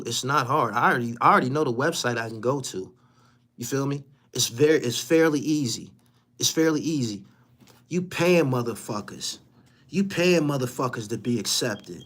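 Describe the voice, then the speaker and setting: A man hosting a podcast in a heated, profane rant, mocking his target and repeating lines for emphasis. He jumps from loud, high outbursts to low, muttered asides. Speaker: podcast host.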